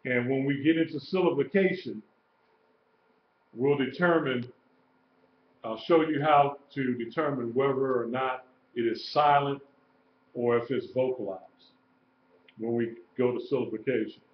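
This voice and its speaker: A man lectures a class at an unhurried pace, patiently repeating each term and spelling words out letter by letter. His voice sounds dull and lo-fi, like a live stream, and carries the echo of a roomy classroom. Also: medium pitch, slight background noise. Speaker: Hebrew teacher.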